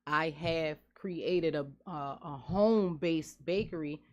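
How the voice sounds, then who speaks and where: A woman in her forties, a guest business owner in a radio studio interview, talking in an earnest, animated way. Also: low-pitched, slow pace. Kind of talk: casual interview talk.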